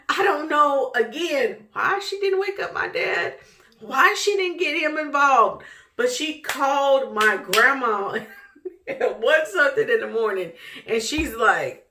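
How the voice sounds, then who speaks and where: A woman vlogger casually telling a childhood story in an animated way, laughing often as she goes. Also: sits high. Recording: echoey room.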